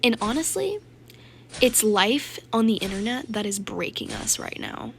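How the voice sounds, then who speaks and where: A woman's voice: on the high side, animated, measured pace, gravelly, a little hiss or hum. A woman telling a casual storytime vlog about a game, chatty and filler-heavy, acting out the dialogue she quotes. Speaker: gaming YouTuber.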